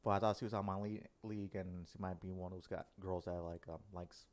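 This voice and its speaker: A male podcast host speaks quickly in a low voice as he relates an embarrassing story over casual chat. He's animated, often laughing mid-sentence.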